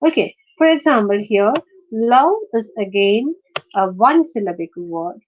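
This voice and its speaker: Speaking a little slowly in a medium, animated voice, a woman walks through word stress in an online lesson, full of fillers and frequent "right?" checks. The lo-fi recording sounds dull and carries slight background noise.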